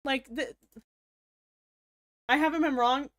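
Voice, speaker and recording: Young woman streamer, lively, sweary, playfully indignant, a touch high-voiced. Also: slow. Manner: animated, swears a lot, mock-outraged, laughs often. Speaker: livestreamer chatting with viewers. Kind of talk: casual stream chat.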